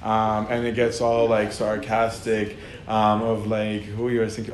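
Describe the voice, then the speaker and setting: The recording comes from an echoey room with faint ambient noise, where a man with a lowish voice lectures casually, a little slowly and with flat delivery. He's chatty and leans on fillers, often laughing in the middle of a sentence.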